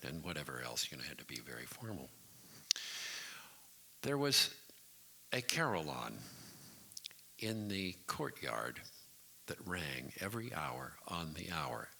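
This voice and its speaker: A man's voice: sits low, pushed and bright. A man in his sixties telling a comic story from his college radio days on stage at a community hall, with dry timing and mock announcer voices. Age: 60s. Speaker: variety show storyteller.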